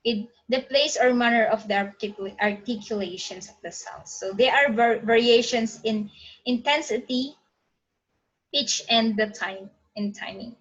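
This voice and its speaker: A woman with a somewhat high voice teaches a phonetics lesson online. She keeps saying "okay" between points and stops now and then to find her place on the slides. The recording is muffled and lo-fi. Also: a bit bright, husky. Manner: frequent "okay" fillers, pauses to check slides.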